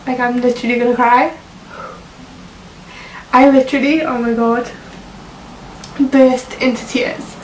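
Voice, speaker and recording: A woman's voice: high-pitched, slight background noise. A young woman telling a personal story to the camera in an emotional, chatty way, full of "like" and "you know". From Britain. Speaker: vlogger. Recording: echoey room, mic at a distance.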